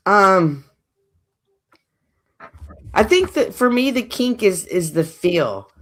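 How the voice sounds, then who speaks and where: Playful laughing woman, lively pitch. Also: slow pace. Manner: laughs often, playful teasing. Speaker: co-host of a live streamed panel. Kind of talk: casual panel chat.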